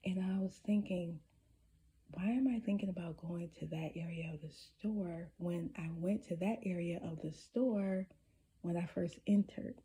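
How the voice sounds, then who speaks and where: A woman telling a personal story in a casual, halting way, with many restarts and some whispered asides. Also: lowish voice, mellow, breathy edge. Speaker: spiritual storyteller.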